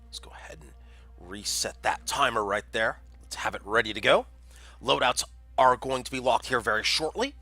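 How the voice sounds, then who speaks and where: A man's voice: medium pitch, animated, moderate pace, pushed and bright, soft background music. A man casting a community game tournament on a livestream, chatty and jokey, reading out chat messages. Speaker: tournament caster.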